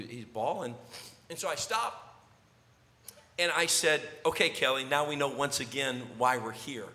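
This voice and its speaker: Animated preacher man in echoing hall. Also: medium pitch. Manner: animated, swings from shouting to near whisper. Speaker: pastor. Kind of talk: sermon storytelling. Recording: long hall reverb.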